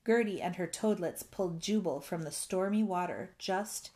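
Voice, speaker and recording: A woman reading a children's storybook aloud in a gentle storytelling manner. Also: lowish voice, normal speed. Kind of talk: scripted narration.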